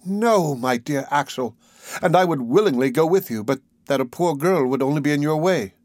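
A man reading aloud voices a brave, devoted young woman from a classic novel, raising his voice and speaking softly and earnestly. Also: on the high side, expressive, normal speed, dry recording, studio quality, natural voice.

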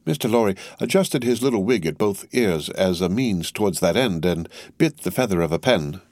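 A man reading a classic novel aloud as narration, with measured, expressive storytelling. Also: low voice, no room sound, studio quality. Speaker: audiobook reader. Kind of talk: scripted narration.

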